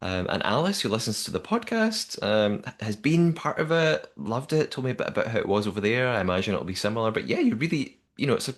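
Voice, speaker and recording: A man co-hosting a podcast in casual chat, chatty and animated, with frequent restarts. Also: medium pitch, quick pace, hardly any pauses. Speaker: podcast co-host.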